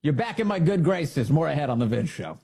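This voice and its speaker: A man hosting a talk radio show, giving animated, sarcastic and emphatic opinion commentary. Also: a little high, a little fast, vocal fry, music in the background.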